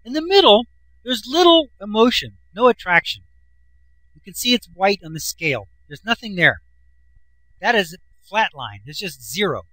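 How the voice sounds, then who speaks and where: A man's voice: high voice, sing-song, moderate pace, bright, forceful tone, no echo, poor audio. A man, a self-help author, explaining a chart in a casual, folksy, enthusiastic way, swinging his voice up and down for emphasis.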